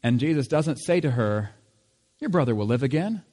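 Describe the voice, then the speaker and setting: A man's voice: mid-range voice, expressive, moderate pace, mellow. A man preaching a sermon in a conversational tone, asking rhetorical questions. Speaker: pastor.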